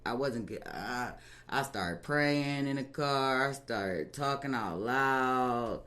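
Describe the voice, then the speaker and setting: A woman guest on a podcast, telling her story in a casual, animated way, laughing often and using plain-spoken slang. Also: rumbling low, slow.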